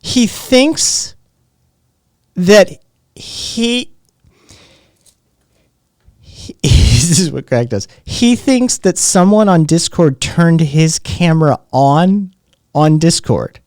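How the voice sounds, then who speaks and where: A man's voice: a little high, lively intonation, drawn-out words, long pauses, a little mellow, no echo. A man acting as stream host, commenting with dry, mocking asides. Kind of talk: sarcastic commentary.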